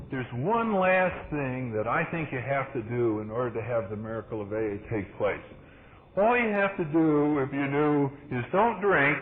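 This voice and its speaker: Brief: earnest male meeting speaker, storytelling, slightly high voice, old tape with thin phone-like sound. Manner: earnest storytelling, acts out dialogue. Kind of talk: personal testimony to a meeting. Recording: tinny, hissy vintage tape recording.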